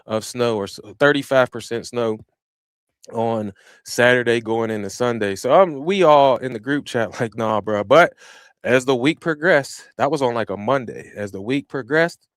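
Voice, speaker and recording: A man hosting a lawn care business podcast, telling stories in an animated, casual way with lots of slang. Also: mid-range voice, normal speed, smooth, no room sound, clean studio sound. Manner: animated storytelling with slang and shifts in loudness. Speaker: podcast host. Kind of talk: casual chat. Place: small home studio. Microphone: studio microphone he operates himself.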